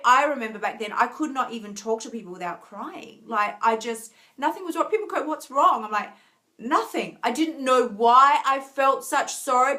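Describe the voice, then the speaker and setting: A tired, emotional woman coach talking earnestly to viewers on a live stream, restarting often and laughing softly. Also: fairly high pitch. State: tired, near tears. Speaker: wellness coach.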